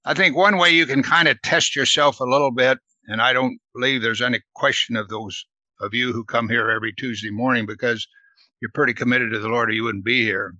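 Man, Bible study teacher, chatty and earnest, bright tone, close and dry. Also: mid-range voice, steady tone, brisk, no echo, lo-fi sound. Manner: earnest, asks the listeners questions, adds "right?".

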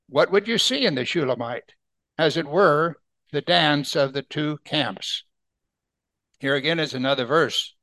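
A man's voice: fairly high pitch, a bit bright, no room sound. A man preaching a sermon, explaining Bible verses and asking his listeners rhetorical questions. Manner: slows down to read scripture aloud. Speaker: pastor.

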